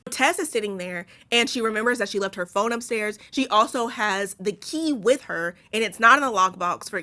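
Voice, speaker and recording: A woman's voice: medium pitch, pushed and bright. A woman hosting a casual movie recap, blunt and sarcastic, swearing freely as she retells the plot.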